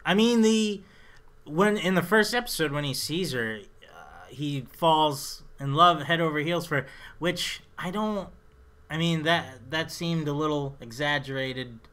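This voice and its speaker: A man's voice: a little high, measured pace, fairly bright tone. A man co-hosting a casual comedy podcast, rambling through his points with plenty of hesitations and fillers. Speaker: podcast co-host.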